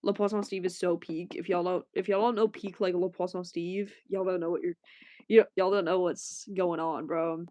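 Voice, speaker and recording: A woman's voice: on the low side, fairly even intonation, normal speed, mellow, dry recording. A woman livestreaming, chatting casually and rambling as she answers her chat, often laughing.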